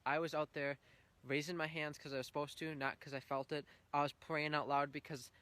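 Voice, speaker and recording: A man's voice: on the high side, flat delivery, fairly quick, bright, forceful tone, no echo. A young man giving an earnest, heartfelt personal faith testimony at church, telling his story with swells of feeling.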